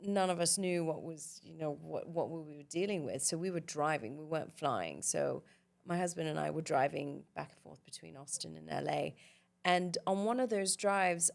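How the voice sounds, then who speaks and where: Woman, actress guest in an interview; lowish voice with audible vocal fry, chatty and upbeat. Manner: chatty and enthusiastic, with laughs and fillers. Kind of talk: casual interview chat.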